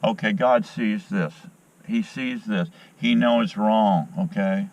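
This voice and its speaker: A man's voice: lowish voice, takes it slowly, darkish tone, lo-fi sound. A man telling a rambling story outdoors at a fishing spot at daybreak, repeating and restarting his words as he goes. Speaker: outdoors vlogger. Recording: voice a bit distant from the mic.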